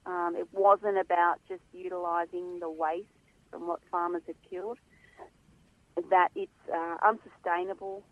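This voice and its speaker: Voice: mid-range voice, no room sound. A guest, speaking passionately and emphatically about animal welfare in a phone interview. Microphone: telephone. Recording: tinny phone line.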